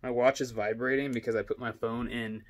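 A man's voice: mid-range voice, level tone, a little fast, slight background noise. A young man talks through his game collection at home, filmed on a selfie stick held at arm's length. He rambles in a loose, casual way, dropping plenty of ums and uhs as he goes. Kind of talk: casual walkthrough vlog. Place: indoor home with stairs. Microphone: selfie stick camera.

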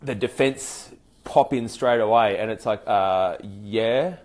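An Australian man with a voice of ordinary middle pitch coaches listeners on how to open a sales call. He keeps it informal and unpolished, with frequent ums, restarts and little acted-out phone greetings. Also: fairly even intonation, moderate pace, a little mellow. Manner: chatty, loose and hesitant, many fillers and restarts; acts out sample phone greetings. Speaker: sales trainer. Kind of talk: conversational training talk.

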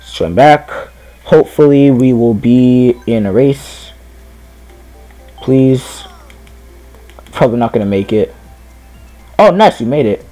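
A man's voice: mid-range voice, expressive, slow pace, long pauses, dark tone, faint music behind. A young man giving casual commentary while streaming a kart race, chatty and self-deprecating as he talks to viewers.

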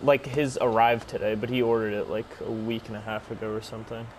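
A man's voice: on the low side, flat delivery, quick pace. A man chatting casually on voice chat while gaming, with dry, blunt and profane remarks. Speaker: gamer in voice chat. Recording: clear background noise.

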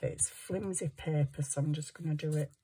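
A woman's voice: low-pitched, steady tone, normal speed, dark tone, slight background noise. A woman making a junk journal, chatting to herself as she works. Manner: chatty, talks to herself while working. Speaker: crafting vlogger. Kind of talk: casual crafting chat.

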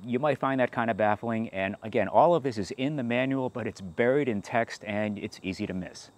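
A man's voice: mid-range voice, a little fast. A man giving a hands-on telescope review, practical and matter-of-fact, with dry joking asides. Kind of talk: product review walkthrough.

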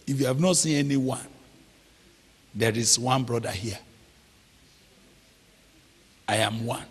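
A man preaching a sermon, slow and emphatic, drawing out phrases and checking in with the audience. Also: mid-range voice, a little mellow, husky. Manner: slow, emphatic, drawn-out phrases with call-and-response questions. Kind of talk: sermon teaching. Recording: long hall reverb.

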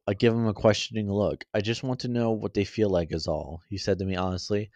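A man reading a fan story aloud, halting and often stumbling and correcting himself. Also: fairly low pitch, a little mellow, no room sound. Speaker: story reader.

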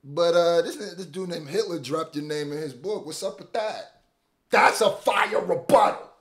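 A man hosting a reaction video, commenting casually with loud excited exclamations and repeating lines back. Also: a little high, normal speed, echoey room.

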